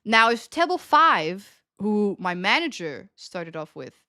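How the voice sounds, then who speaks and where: A woman's voice: mid-range voice, big pitch swings, unhurried, sharp tone, no room sound, studio quality. A young woman live streamer casually telling a story to her chat, laughing often and swearing freely.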